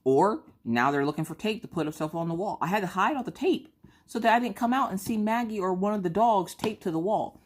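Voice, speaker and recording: A middle-aged woman rambling casually on her vlog, chatty and animated, acting out what she and her kids said. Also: mid-range voice, a little fast. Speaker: vlogger.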